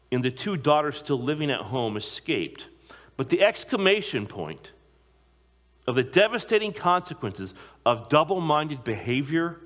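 A man preaching a sermon to a congregation, emphatic, slowing down to stress key phrases. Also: medium pitch, a bit bright. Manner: emphatic, slows down on key phrases, occasional repeated words.

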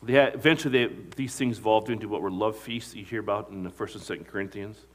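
A man's voice: fairly low pitch, quick pace. A male pastor preaching a sermon, telling stories and asking the congregation questions that it answers. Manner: asks the congregation questions and lets them fill in the answer; storytelling, retelling movie scenes.

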